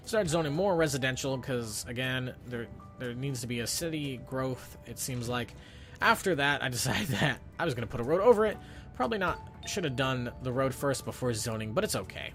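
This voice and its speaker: A man's voice: medium pitch, animated, brisk. Rambling young man commentating gameplay. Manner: rambling, self-narrating with quoted inner thoughts. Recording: background game music.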